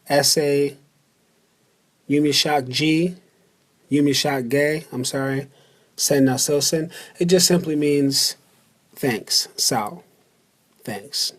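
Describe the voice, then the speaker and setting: A man teaching a beginner language lesson over a slideshow, slow and deliberate, repeating words for the listener to practise. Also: mid-range voice.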